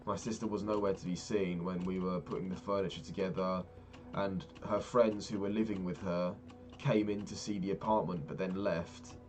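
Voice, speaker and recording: A man's voice: low-pitched, fairly even intonation, normal speed, few pauses, darkish tone, soft background music. A young man chatting casually and rambling, swearing freely as he tells a story while playing a game. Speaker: vlogger. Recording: keyboard clicks and typing behind. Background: keyboard clicks.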